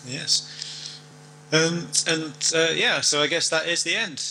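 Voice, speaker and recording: A man's voice: on the high side, takes it slowly, bright, forceful tone, a little hiss or hum, low-quality recording. A man co-hosting a podcast in casual chat, rambling a little as he signs off. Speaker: podcast co-host.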